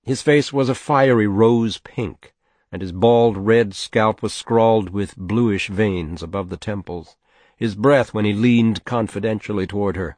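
A man narrating a novel as an audiobook in a measured, even storytelling manner. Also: fairly low pitch, dry recording.

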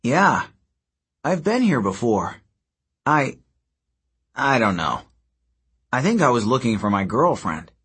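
A man voicing a terse, gruff teenage boy hero with a husky voice. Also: mid-range voice, big pitch swings, takes it slowly, pauses often, a bit bright, full character voice.

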